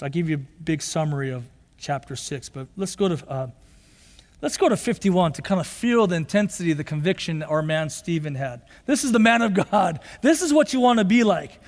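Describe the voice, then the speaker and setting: A man preaching a sermon as pastor, passionate, rising to shouts when he quotes scripture. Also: on the high side. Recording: long hall reverb.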